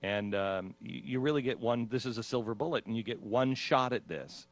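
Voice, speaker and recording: In a mid-range voice at normal speed, a man hosting a radio talk show relates a personal ordeal in a relaxed way. He plays out his own panicked responses with laughs.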